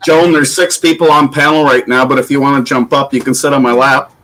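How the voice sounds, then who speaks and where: Blunt, swearing man with a mid-pitched voice. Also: fairly even intonation, fairly quick, a bit bright, low-quality recording. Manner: blunt, swearing, laid-back. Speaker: panelist. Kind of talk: casual banter.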